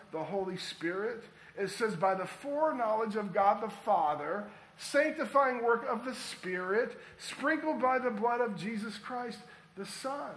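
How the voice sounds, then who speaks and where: A man's voice: high voice, reverberant, rough recording. A man preaching a sermon as pastor, building to emphatic points and leading the congregation in repeating a phrase. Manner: preaching with rising emphasis and call-and-response.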